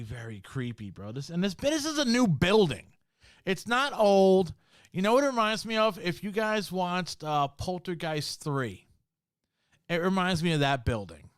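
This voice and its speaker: A man's voice: fairly high pitch, smooth, no echo, studio quality. A man hosting a podcast, telling a spooky story from work in a casual, slangy way, full of swearing and "bro". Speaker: podcast host.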